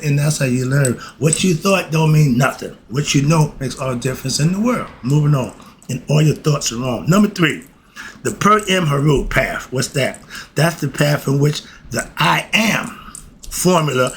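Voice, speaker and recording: A man who speaks gives a lively spiritual lesson. He keeps asking himself questions and answering them, and he laughs often. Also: mid-range voice, slight background noise. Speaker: spiritual philosophy teacher.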